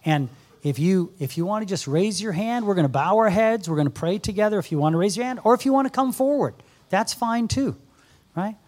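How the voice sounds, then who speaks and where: Man, 50s, high-pitched, earnest exhorting sermon, addresses the congregation. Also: expressive, a little fast, darkish tone. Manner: earnest, exhorting, talks straight to the audience. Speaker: guest speaker. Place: church service with a live audience.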